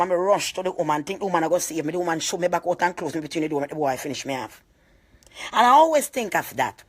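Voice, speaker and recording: A woman with a Jamaican accent speaks in heavy patois, swearing freely and rambling through an emotional live-stream rant, with loud bursts and laughter. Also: fairly low pitch, lively intonation, fast talker, breathy edge. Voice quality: heavy patois, frequent cursing. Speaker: vlogger.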